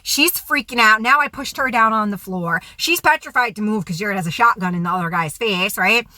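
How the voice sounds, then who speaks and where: Bright-voiced woman telling a wild story. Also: mid-range voice, no room sound. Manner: animated, fast, slangy storytelling. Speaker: vlogger, recovery coach. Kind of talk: storytelling vlog.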